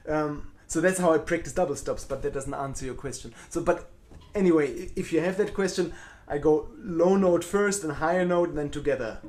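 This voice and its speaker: Blunt, self-deprecating man, slightly high voice. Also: brisk, hardly any pauses, darkish tone. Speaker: cellist answering viewer questions. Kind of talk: live online Q&A.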